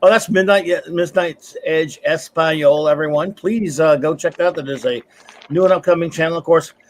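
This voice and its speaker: A man's voice: on the high side, normal speed. A man hosting a casual livestream panel from his home computer, easygoing and chatty, calling his guests buddy. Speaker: livestream host.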